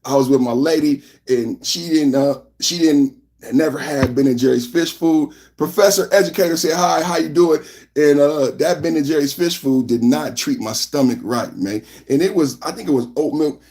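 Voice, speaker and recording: A fairly high-voiced man from San Francisco hosts a live political podcast from a home setup. He talks loudly and with lots of energy, reading the chat aloud as he goes. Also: moderate pace. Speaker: podcast host. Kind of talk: live-stream political commentary.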